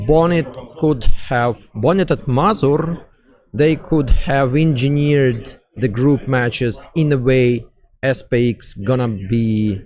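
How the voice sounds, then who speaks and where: A man with a Russian accent, a tournament caster chatting loosely and haltingly with many fillers on a live stream. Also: mid-range voice, a little mellow. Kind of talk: casual live-stream commentary.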